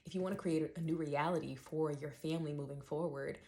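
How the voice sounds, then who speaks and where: A woman's voice: deep voice, fairly even intonation, fairly quick, darkish tone. A young adult woman talking candidly and emotionally about her experiences, full of fillers and quoted self-talk. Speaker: channel host. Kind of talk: personal reflective monologue.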